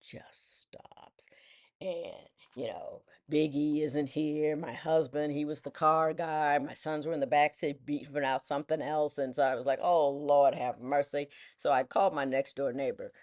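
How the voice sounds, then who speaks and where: Woman, 60s, lively self-deprecating storyteller who drops into quoted voices. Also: sits low, moderate pace, hardly any pauses. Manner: animated, self-mocking, acts out voices in quotes. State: widowed. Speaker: vlogger. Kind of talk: personal storytelling.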